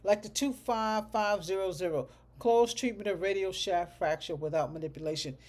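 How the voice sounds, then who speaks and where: A medical coding instructor leads a livestreamed class in a relaxed, conversational way, with a voice of middling pitch. Sentences keep ending in a checking "okay?", and code numbers are read out slowly and repeated, with the odd aside thought aloud. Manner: conversational, thinks aloud while teaching.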